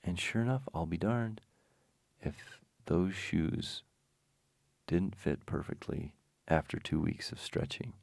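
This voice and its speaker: Low-pitched man, leisurely pace, dry close sound, self-mocking rambling anecdote. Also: lively intonation, takes it slowly, gravelly, darkish tone, no room sound. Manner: wry, self-deprecating humor; digressive, frequent restarts.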